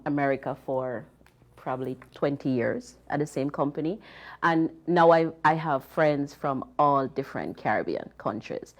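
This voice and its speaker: A woman from Jamaica with a Jamaican accent, telling chatty anecdotes with lots of fillers as a panel guest. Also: low-pitched. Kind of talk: casual storytelling.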